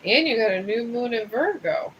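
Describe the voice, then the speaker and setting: Male tarot reader on a livestream; high-ish voice, rambling and chatty, laid-back. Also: expressive, normal speed, fairly bright tone, slight background noise, poor audio. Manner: rambling and chatty, drifting between topics. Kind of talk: casual livestream chat. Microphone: streaming setup.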